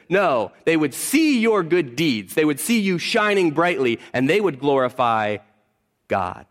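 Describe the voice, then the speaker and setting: A male pastor preaching a sermon in a conversational way, asking the congregation questions and swinging between quick asides and slow emphasis. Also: high-pitched, animated, a bit bright.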